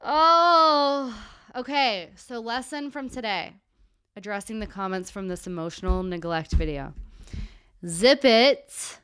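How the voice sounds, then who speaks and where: A young woman and therapist chatting candidly on her live Q&A stream, with animated asides. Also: mid-range voice, a little slow, clear, resonant tone, no room sound, studio quality.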